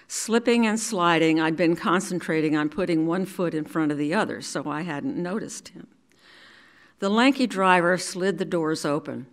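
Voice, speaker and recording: An older woman from New York City reading her own memoir aloud in a measured, deliberate storytelling manner. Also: low-pitched. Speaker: resident reader.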